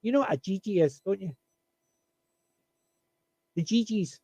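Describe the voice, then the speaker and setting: A man chatting on a panel, telling an animated anecdote and chuckling at his punchlines. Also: high-pitched, measured pace, breathy edge, dry recording, dull audio. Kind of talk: casual storytelling chat.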